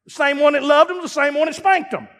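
A man pastor preaching a sermon in a folksy, emphatic way, dropping now and then to quiet asides. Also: very high voice, fairly even intonation, fast talker, big-room sound. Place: church sanctuary.

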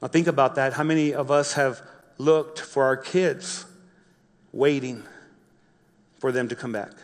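A man preaching a sermon, reading a Bible story slowly and explaining it in his own words with frequent restarts. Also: mid-range voice, steady tone, big-room sound. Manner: reads scripture slowly, then explains with repeated restarts. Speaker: pastor.

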